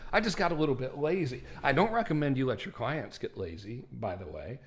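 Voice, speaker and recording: A man's voice: mid-range voice, animated, a little fast. A man teaching a marketing lesson over a screen share, casual and self-deprecating, peppering his talk with "right?" and "like". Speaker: marketing course instructor.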